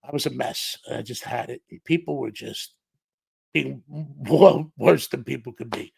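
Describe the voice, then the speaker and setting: A middle-aged man, a podcast guest, telling a story in an animated way and acting out the dialogue. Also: medium pitch, measured pace, creaky, husky, no echo.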